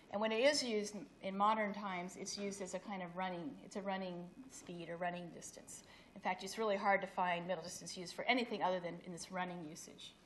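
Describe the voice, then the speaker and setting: Frequent restarts mark this academic presentation, in which a middle-aged woman explains slides to an audience in an event hall. Her pitch is medium, and a little hiss or hum runs under the recording.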